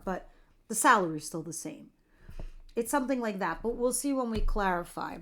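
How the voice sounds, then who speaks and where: A woman's voice: medium pitch, lively intonation, normal speed. Middle-aged woman, tarot reader, loose and talkative, plain mid-range voice. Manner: chatty, jokey, talks straight to viewers. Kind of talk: casual tarot reading monologue.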